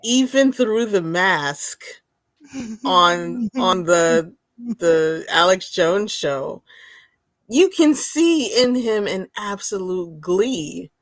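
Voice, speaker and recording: A woman co-host with a lowish voice speaks slowly and reflectively on a podcast. Her words are unhurried and considered, recorded dry and close. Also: animated, no room sound. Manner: measured, reflective. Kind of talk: casual podcast conversation.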